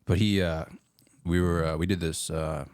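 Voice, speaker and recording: A man's voice: low-pitched, steady tone, moderate pace, a little mellow, clear, resonant tone, no echo, studio quality. A young man in his twenties, a podcast host telling a story in a laid-back way with lots of filler words. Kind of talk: casual podcast chat.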